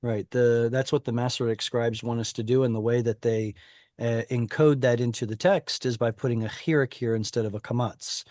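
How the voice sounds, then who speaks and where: A man's voice: mid-range voice, fairly even intonation, brisk, a little mellow, no echo, clean studio sound. A man teaching an online class, explaining patiently over a video call with frequent fillers. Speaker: Hebrew teacher.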